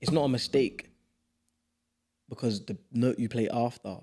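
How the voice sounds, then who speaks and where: A young man, a podcast guest in casual, animated chat. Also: mid-range voice, slight background noise. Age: young adult. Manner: animated, playful, quick bursts of emphasis.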